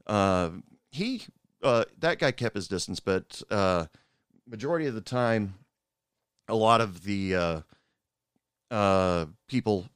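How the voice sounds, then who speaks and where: A middle-aged man, a former bartender, telling stories from his bar days in a rambling, halting way with frequent asides. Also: on the low side, lively intonation, fairly bright tone, clear, resonant tone, dry recording, clean studio sound. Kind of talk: casual personal storytelling.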